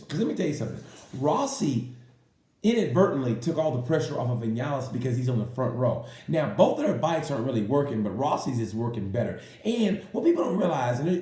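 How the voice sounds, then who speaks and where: Male comic race reviewer, rambling and animated, mellow voice in an echoey room. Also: mid-range voice. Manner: rambling, animated, acts out quotes in silly voices. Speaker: racing commentator. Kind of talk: casual comedic race review.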